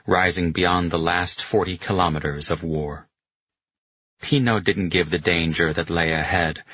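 A man narrating an audiobook in a measured, grave manner, in a slightly dull, lo-fi recording. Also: deep voice, a bit bright, husky, no room sound.

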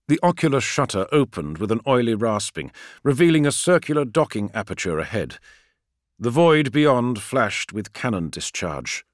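A man reading a science-fiction audiobook as narrator, with measured, expressive storytelling. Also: lowish voice, no echo, clean studio sound.

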